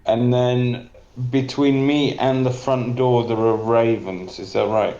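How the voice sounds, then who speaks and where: Slow, mellow-voiced man on a dull echoey call. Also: medium pitch, little pitch movement. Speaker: player. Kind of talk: playing a tabletop game over a voice call.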